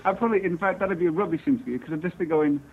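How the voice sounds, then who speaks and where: A man, a pianist guest, talking earnestly and haltingly with enthusiasm. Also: fairly high pitch. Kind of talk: casual chat. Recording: tinny phone-like line with hiss.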